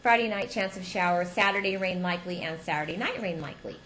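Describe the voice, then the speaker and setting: A woman's voice: fairly low pitch, fast, a bit bright, a little hiss or hum, poor audio. A woman co-hosting a casual local news show, reading a fire report and a weather forecast in a chatty way, with fillers. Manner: chatty, with fillers, teasing her co-host.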